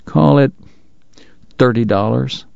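A man's voice: mid-range voice, slow pace, creaky, a little mellow, clean tone, no echo, highs cut off. A man voicing a formal, long-winded Southern dentist and gambler with a drawl, in a read-aloud story. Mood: measured.

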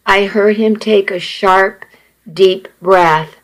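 Slow, measured woman reading a story. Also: mid-range voice, fairly even intonation, low-quality recording. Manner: slow, unhurried reading with small restarts. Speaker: narrator reading a novel aloud. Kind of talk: first-person audiobook narration.

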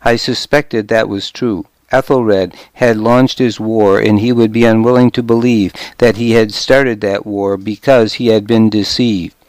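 A man reads a story aloud in the first person with a measured, steady delivery. He speaks very slowly, in a smooth and clear voice. The close studio microphone gives a dry sound with no room echo. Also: fairly low pitch. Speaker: audiobook narrator. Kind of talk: scripted first-person narration.

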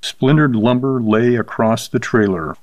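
A man reading a short story aloud with steady, measured narration. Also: mid-range voice, no room sound.

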